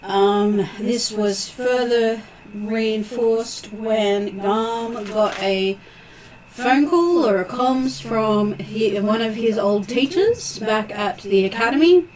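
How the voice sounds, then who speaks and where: A woman player recapping the last tabletop session, with frequent ums and pauses. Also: on the high side, darkish tone, rough recording.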